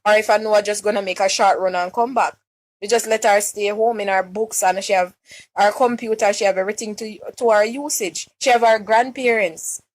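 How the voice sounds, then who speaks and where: A woman's voice: medium pitch, steady tone, fairly quick. A young Jamaican woman on a live stream, distraught and close to tears, pleading for help, questioning her listeners and often repeating and restarting her words. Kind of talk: emotional live-stream plea.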